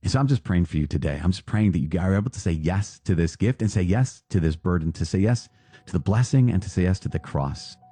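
Deep husky priest, earnest and dark. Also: male voice, expressive, fast talker, dry recording. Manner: earnest, repeats phrases for emphasis. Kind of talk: podcast reflection.

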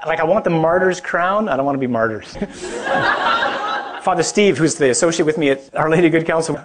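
A man's voice: a little high, quick pace, very noisy. A man preaching as a parish priest, conversational and joking, often putting questions to his young listeners. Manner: conversational, self-deprecating, asks the audience questions. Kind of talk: humorous preaching to a young audience.

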